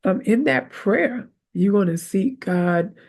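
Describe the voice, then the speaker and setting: A woman with a mid-range, gravelly, husky voice speaks slowly as she hosts a faith podcast. Her faith-based motivational talk is casual and animated; she laughs easily, keeps checking in with "right?", and acts out her own prayers aloud.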